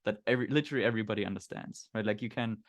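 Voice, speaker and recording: Low-voiced man, hesitant host. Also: very fast, no echo. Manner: hesitant, many fillers and restarts. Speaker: podcast host. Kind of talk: casual conversation.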